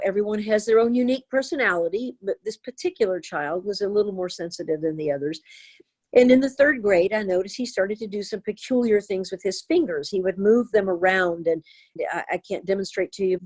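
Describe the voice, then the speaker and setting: Older female therapist, interview guest, earnest storyteller, mid-pitched. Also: fairly quick, breathy edge. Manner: earnest, animated storytelling with acted quotes. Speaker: therapist and author.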